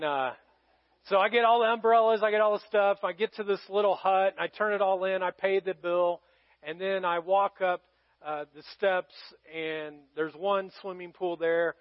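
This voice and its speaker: A middle-aged male pastor telling a personal story in a sermon, conversational, swinging from loud calls to hushed moments. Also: high-pitched, no room sound, lo-fi sound.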